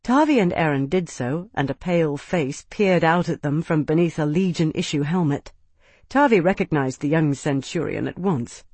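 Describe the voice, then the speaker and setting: Audiobook narrator, steady even delivery, mid-pitched voice, dry close sound with no room. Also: moderate pace, husky, dry recording. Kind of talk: scripted narration.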